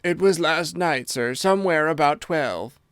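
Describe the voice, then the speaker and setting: A man's voice: fairly high pitch, expressive, unhurried, fairly bright tone, smooth, no echo, clean studio sound. A man voicing a flustered male butler who delivers bad news in an urgent, gasping way. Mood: breathless alarm.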